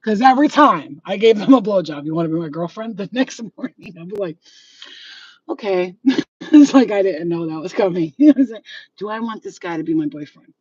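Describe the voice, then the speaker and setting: A high-pitched, husky man tells bawdy stories in a giggly, flamboyant vlog chat. He sounds a little away from the mic, and the sound is dull and muffled. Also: lively intonation, a little fast, recorded from a distance. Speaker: vlogger. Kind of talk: casual chat to camera.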